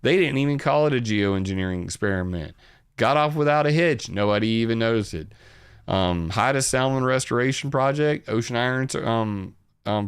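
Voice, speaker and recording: A Southern US man talks through the news on his own channel in a low, gravelly voice. His delivery is loose and rambling, laced with sarcasm and casual swearing. The sound is close and dry, with no room echo. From Southern United States. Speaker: channel host.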